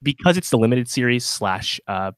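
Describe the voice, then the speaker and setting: A man's voice: medium pitch, animated, normal speed, smooth, dry recording. A man co-hosting a podcast in casual chat, rambling with many fillers and restarts. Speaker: podcast co-host.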